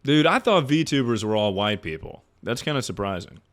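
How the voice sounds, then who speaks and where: A man's voice: mid-range voice, animated, moderate pace, a bit bright. A young man streaming live, giving loose advice to his chat in a joking, rambling way with plenty of swearing. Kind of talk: casual livestream chat.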